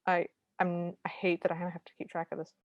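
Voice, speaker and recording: A woman with a lowish voice talks through a movie's plot in casual podcast chat, dropping dry asides as she goes. The sound is dry and close, with no room to it. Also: monotone, fairly quick, no echo, muffled recording. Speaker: podcast co-host.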